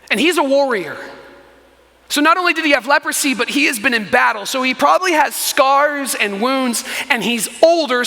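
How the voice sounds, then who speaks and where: A man preaching a sermon as pastor, telling the story in an animated way with frequent asides to the congregation. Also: very high-pitched, in a large hall. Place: church sanctuary.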